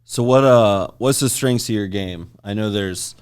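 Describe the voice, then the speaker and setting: A man's voice: on the low side, measured pace, smooth. A man hosting a podcast interview, asking questions and telling stories animatedly. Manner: animated storyteller, asks questions.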